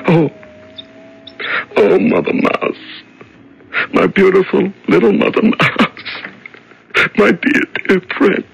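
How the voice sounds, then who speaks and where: A gravelly broken prisoner. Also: male voice, deep voice, wildly swooping pitch, measured pace, long pauses, pushed and bright, lo-fi sound, soft background music, exaggerated voice. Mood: tearful. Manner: trembling, stammering, pleading. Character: haggard man released from solitary confinement. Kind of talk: 1970s radio drama acting.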